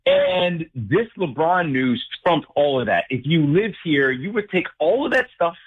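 A man who works as a sports director and anchor, a guest on a sports talk show, talking in an emphatic, animated way. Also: fairly high pitch, unhurried, husky. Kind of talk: casual phone-in sports chat. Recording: tinny phone line.

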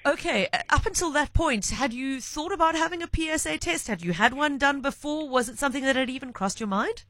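A woman hosting a radio talk show, introducing and interviewing guests in an articulate, measured way. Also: high-pitched, pushed and bright. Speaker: radio host.

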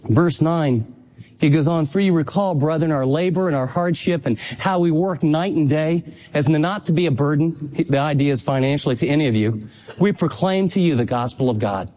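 Impassioned high-voiced male preacher. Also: darkish tone. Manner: impassioned, emphatic preaching with rising pitch on exhortations. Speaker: pastor. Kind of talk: sermon.

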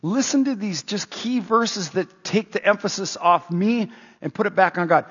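Pastor, man, higher voice with a husky edge, earnest rhetorical sermon, dull reverberant church recording. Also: lively intonation, normal speed, a bit bright. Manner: earnest, rhetorical questioning preacher. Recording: dull lo-fi sound with long hall reverb.

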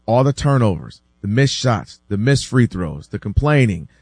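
A man hosting a casual sports debate, animated and acting out quotes from other people, often repeating words as he builds his point. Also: lowish voice, moderate pace, slightly rough, no echo. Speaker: sports talk show host.

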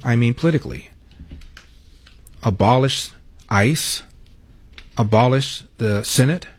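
A man hosting a talk radio show, giving assertive, rapid political commentary. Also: medium pitch, husky, no room sound.

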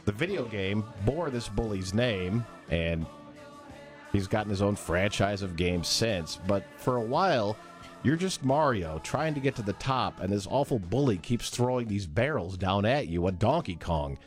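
Animated low-voiced man telling stories. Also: normal speed, faint music behind. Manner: animated storyteller, acts out quotes. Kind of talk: casual podcast chat.

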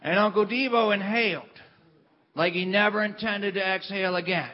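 Male comic storyteller, high-pitched voice, animated and self-mocking, dull lo-fi recording. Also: moderate pace. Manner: animated, self-deprecating, shifts into character voices. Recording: dull lo-fi sound.

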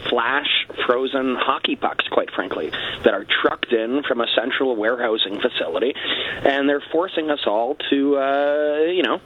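A Canadian man who is a satirical political guest, talking in an animated, mock-earnest way on a comedic radio show. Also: medium pitch, normal speed, narrow, tinny audio, slight background noise. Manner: animated, mock-earnest, repeats "let's be honest". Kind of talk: comedic radio talk interview.

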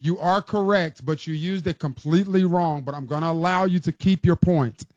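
A man on a remote line in a playful sports talk show, quizzing the host with animated, teasing, emphatic repetition. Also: fairly high pitch, moderate pace, dry recording, lo-fi sound. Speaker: guest quiz host. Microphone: remote mic, cuts out at times.

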